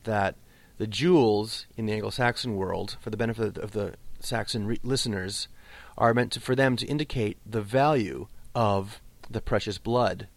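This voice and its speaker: Male literature teacher, low-pitched, dry close sound, patient lecture style. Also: gravelly, no echo. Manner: explains patiently, slows right down to recite verse. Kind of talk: lecture on Old English verse.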